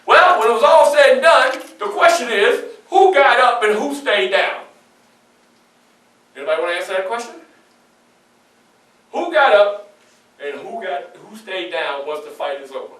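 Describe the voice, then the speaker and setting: A man performing as Frederick Douglass, telling his story in the first person with animated, often shouted storytelling to a live audience. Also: high voice, normal speed, pauses often, recorded from a distance, pitched below the performer's own voice. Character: Frederick Douglass, a defiant young man escaping slavery. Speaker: historical portrayer. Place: public library event room. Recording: echoey room, mic from afar.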